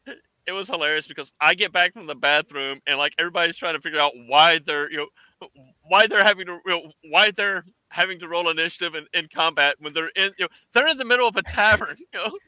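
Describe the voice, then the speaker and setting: Very bright-voiced man telling a story. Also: a little high, quick pace, clear, resonant tone, no room sound, low-quality recording. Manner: animated, laughing, many fillers. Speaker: player on a tabletop game stream. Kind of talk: casual storytelling chat.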